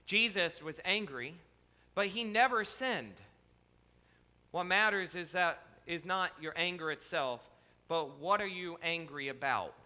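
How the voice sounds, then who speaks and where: A man's voice: a little high, a little slow, pushed and bright, big-room sound. A male pastor preaching a sermon, earnest and repetitive, asking the listeners question after question. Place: church sanctuary.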